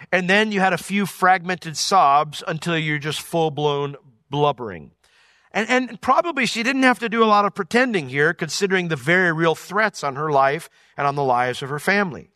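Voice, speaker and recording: A man's voice: fairly high pitch, pushed and bright, no echo, clean studio sound. A man teaching through a Bible passage verse by verse, reading each verse aloud, explaining it plainly and now and then correcting himself.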